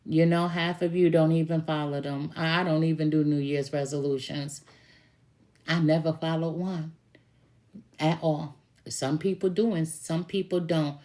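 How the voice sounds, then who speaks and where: A woman who calls herself a good witch reads tarot and chats casually to the camera, laughing and swearing a bit as she tells stories. Her voice is low and warm, with fairly even intonation and a slightly slow pace.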